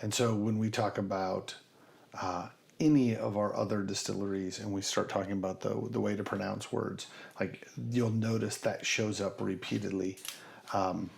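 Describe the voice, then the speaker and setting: A man from north central Kansas co-hosting a podcast, explaining in a lively, joking manner. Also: lowish voice, normal speed, creaky. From north central Kansas, USA. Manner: animated, explains with asides and jokes. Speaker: podcast co-host. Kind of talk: casual chat.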